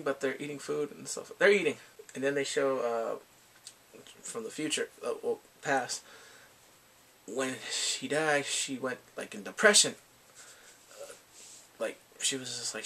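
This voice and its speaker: A man recapping a drama in casual chat, excitable, often laughing and sighing as he acts out the characters' lines. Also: medium pitch, gravelly. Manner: excitable, quotes characters in lively voices, laughs and sighs often. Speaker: drama reviewer.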